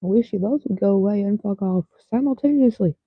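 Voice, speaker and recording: Talking casually to her livestream audience, a woman is blunt and swears constantly. She speaks briskly at a medium pitch, and the dry recording has a tinny, phone-like quality.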